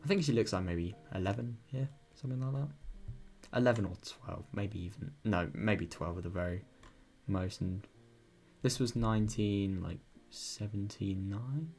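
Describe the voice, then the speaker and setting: A man's voice: on the low side, moderate pace, gravelly, a little mellow. A man reading a visual novel aloud and breaking off into chatty, rambling commentary. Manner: rambling, chatty asides with frequent laughs. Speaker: let's-play reader.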